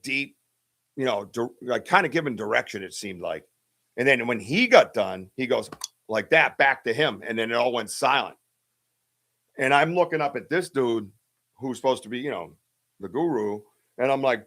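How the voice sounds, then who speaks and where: Rambling, animated male podcast host. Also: medium pitch. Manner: animated, rambling storyteller with many fillers and restarts. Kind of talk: casual storytelling on a live stream.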